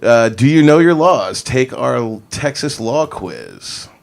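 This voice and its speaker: A man's voice: medium pitch, lively intonation, slow pace, gravelly. A man hosting a casual talk show, dry and easygoing, reading out quiz questions. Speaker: host. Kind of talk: casual chat.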